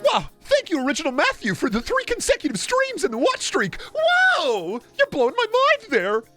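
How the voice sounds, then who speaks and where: A man's voice: wildly swooping pitch, moderate pace, pushed and bright, soft background music, exaggerated voice. A squealing, gushing overexcited guy. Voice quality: squealing falsetto. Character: shrill gushing overexcited man thanking viewers. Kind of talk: mock-excited shoutouts.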